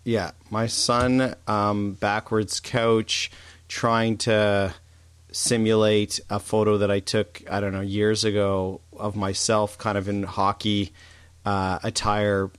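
A man's voice: lowish voice, little pitch movement, slow, clear, resonant tone, dry recording. A man co-hosting a casual chat, explaining things loosely and easily, with plenty of fillers. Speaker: podcast co-host.

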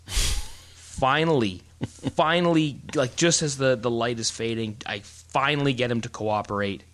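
A middle-aged man co-hosting a casual chat, telling stories in a rambling, animated way with many restarts. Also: on the low side. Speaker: podcast co-host.

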